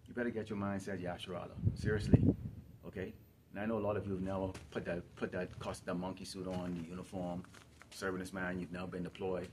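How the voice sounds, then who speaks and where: Low-voiced emphatic man preaching. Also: flat delivery, fast, very noisy. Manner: emphatic, repetitive, asks the listeners questions. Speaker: camp teacher. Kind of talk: preaching to a congregation.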